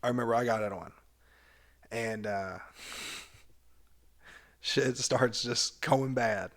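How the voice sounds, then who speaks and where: A man, a cheer coach, casually retelling a past season in a candid, animated way with some swearing. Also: medium pitch, slow. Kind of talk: casual memoir storytelling.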